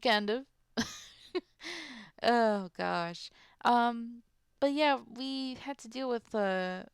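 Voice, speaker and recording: A woman's voice: a little high, clean tone, no room sound, clean studio sound. A woman hosting a let's play, chatting casually and giggling as she reads game dialogue aloud. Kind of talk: casual gameplay commentary and reading game dialogue.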